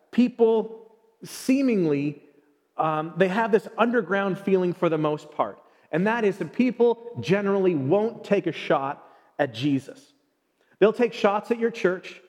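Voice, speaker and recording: High-voiced man preaching in a reverberant space. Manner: animated, acts out short everyday exchanges. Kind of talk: sermon. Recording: long reverb.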